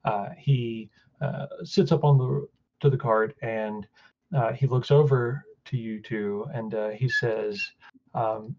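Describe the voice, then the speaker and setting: Slow, halting man narrating as game master. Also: mid-range voice, fairly even intonation, a little mellow, dull audio, a little hiss or hum. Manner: halting, full of fillers and restarts.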